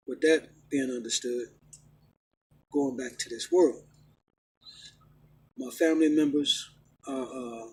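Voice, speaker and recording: A middle-aged man ranting and preaching casually, emphatic and repetitive, swinging from loud outbursts to low, stern talk. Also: low-quality recording. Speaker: vlogger preaching his faith. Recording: faint background noise.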